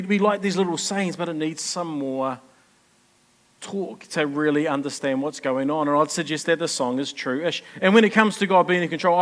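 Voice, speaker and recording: Pastor, high male voice, chatty sermon that keeps checking in with the room. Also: a bit bright. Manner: chatty, asks the congregation questions. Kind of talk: conversational sermon.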